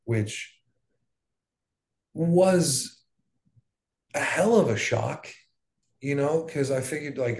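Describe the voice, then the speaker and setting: Young guy from hawaii rambling through his story, swears a lot, lots of ums, mid pitch, echoey room. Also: takes it slowly, pauses often, darkish tone. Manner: loose, profane, rambling with fillers. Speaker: wildfire survivor guest. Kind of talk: casual storytelling.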